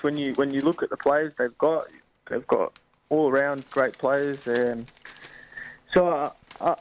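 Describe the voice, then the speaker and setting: A Scottish man, a professional footballer, answering radio interview questions hesitantly, with many pauses and restarts. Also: mid-range voice, highs cut off. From Scotland. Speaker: guest footballer.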